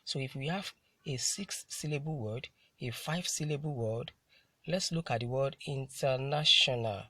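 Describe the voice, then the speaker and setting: A man teaching an English lesson on syllables and word stress, who speaks deliberately and often says "now" to move on. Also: medium pitch, sharp tone, no room sound.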